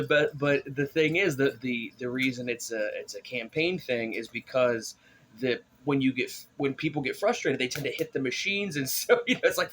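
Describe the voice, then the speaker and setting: A man's voice: mid-range voice, a bit bright, a little hiss or hum. A man giving a casual spoken movie review, rambling with many fillers and restarts.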